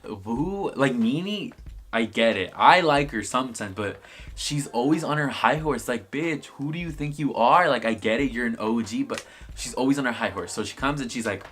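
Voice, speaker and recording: This young man's review of a reality TV episode is casual and sassy, delivered at a normal speed in a mid-pitched, fairly bright voice with lively intonation. He swears plenty and performs the cast's lines in quotes for his vlog.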